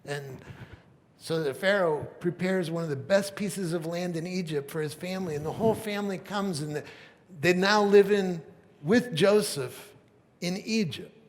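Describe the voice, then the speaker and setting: A man's voice: high voice, normal speed, long reverb tail. A man preaching a sermon as pastor, retelling a Bible story in a casual, conversational way. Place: church sanctuary.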